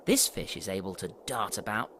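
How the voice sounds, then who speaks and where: A man giving scripted narration about sea animals for young children, asking them gentle questions. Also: sits low, expressive, moderate pace, creaky, a little hiss or hum. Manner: warm, questioning, storybook tone.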